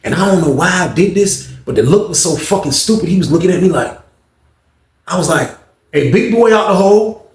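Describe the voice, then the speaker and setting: Fast-talking male storyteller, echoey room. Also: fairly high pitch, animated. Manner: slangy, profane, conversational. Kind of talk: storytelling monologue.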